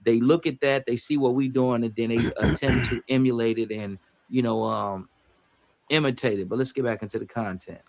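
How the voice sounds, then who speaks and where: This is a man of middle pitch talking on a live stream as its host. He lectures in a measured way and stops now and then to correct himself. He sounds like casual live-stream commentary. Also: steady tone, vocal fry, muffled recording. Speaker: livestream music reviewer host.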